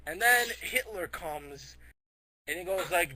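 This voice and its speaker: Loud giddy young man rambling a silly story. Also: high voice, expressive, takes it slowly. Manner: loud, giddy, stammering, acting out characters in quotes.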